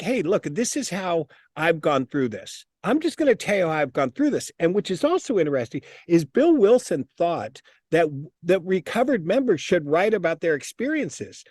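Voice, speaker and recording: A man talks through a casual interview in a slightly high voice, animated and profane as he tells his stories. He circles back on his words and repeats them. The sound is dry and close, with little room around it. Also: no room sound. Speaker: interview guest.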